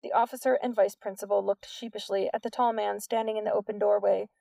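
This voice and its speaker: Woman narrator, gravelly voice, dry and a bit far from the mic. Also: mid-range voice, fairly even intonation, quick pace, mellow, no room sound. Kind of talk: audiobook narration.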